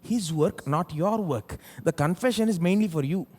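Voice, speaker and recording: A male pastor with an Indian English accent preaching at a live church service, asking the congregation rhetorical questions and swinging between loud and soft. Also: high-pitched, moderate pace. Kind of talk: sermon.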